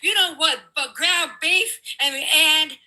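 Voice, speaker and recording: A woman's voice: sits high, slow pace, pushed and bright, low-quality recording. A woman in a heated political argument, ranting with lots of profanity. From California.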